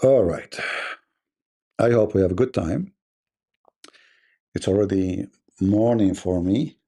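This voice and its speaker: A man's voice: on the low side, creaky, warm tone, husky. A man hosting a livestream debate, delivering a mocking, combative monologue.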